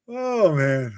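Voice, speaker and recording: Young man, gaming stream host, rambling casual chat, says dude and bro, laughs a lot, slightly high voice, dry close sound. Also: no echo. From Utah. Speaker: gaming channel host reading live chat.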